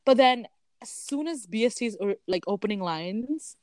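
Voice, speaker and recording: A young woman from Canada chatting casually, telling a story in an animated way, acting out her own quotes and laughing often. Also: on the high side, moderate pace, no echo. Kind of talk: casual chat.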